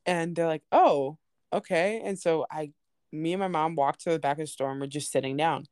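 A woman's voice: low voice, a little fast, a little mellow, clean tone, no room sound, studio quality. A young woman telling a story in casual chat, laughing often and acting out the people she quotes. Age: young adult.

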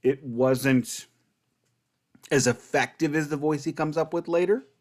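A man's voice: a little high, unhurried. A man co-hosting a podcast in casual chat, enthusiastic and wry, often restarting his sentences. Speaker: podcast co-host.

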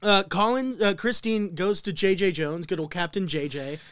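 A man with a notably high voice tells a true-crime story on a podcast, recorded dry and close. He hesitates often with uh and um and throws in amused asides while he lays out the case casually. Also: normal speed, fairly bright tone, clear, resonant tone, no echo. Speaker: podcast co-host.

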